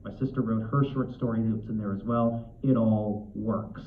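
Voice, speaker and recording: A man's voice: fairly low pitch, steady tone, moderate pace, a little hiss or hum. A man speaking at a convention panel, chatty and self-deprecating, with frequent fillers and restarts. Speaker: author and convention guest. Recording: tinny echoey hall recording.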